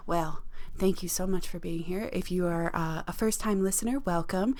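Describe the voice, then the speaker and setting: A woman hosting a casual podcast chat, playful and jokey with drawn-out exclamations. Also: on the low side, darkish tone. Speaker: podcast host.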